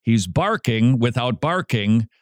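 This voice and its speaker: A man hosting a radio show, commenting on a recorded sermon in a slow, emphatic way with wry humor. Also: medium pitch, animated, no echo.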